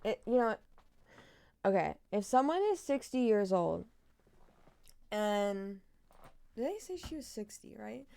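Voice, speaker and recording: A woman's voice: mid-range voice, sing-song, slow, vocal fry, long pauses, warm tone, clear, resonant tone. A woman co-hosting a casual chat and livestream, profane and jokey. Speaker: streamer and podcast co-host.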